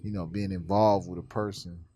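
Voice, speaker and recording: A man's voice: low voice, fairly even intonation, normal speed, mellow, slight background noise. A man, talking casually, asking probing questions and often calling his friend "bro". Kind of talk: casual conversation.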